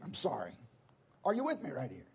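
A man's voice: a little high, huge pitch swings, fairly quick, vocal fry, background noise. A man preaching a sermon, talking straight to his congregation in a loose, conversational way that circles back and repeats itself.

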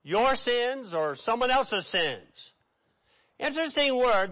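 A man preaching a sermon with dramatic swings between hushed and loud delivery. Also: high voice, big pitch swings, takes it slowly.

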